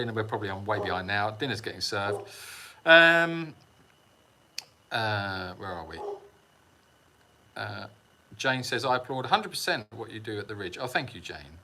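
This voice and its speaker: A man's voice: medium pitch, background noise. A middle-aged man hosting a casual livestream, rambling and self-mocking, reading out viewer comments and chuckling often. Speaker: sanctuary livestream host.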